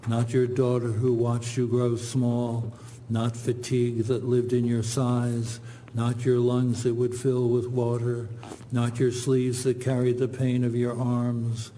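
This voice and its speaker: Brief: male poet at a reading, low-key dark tone, flat measured delivery. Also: a little hiss or hum. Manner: slow, measured, even recitation. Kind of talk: poetry reading.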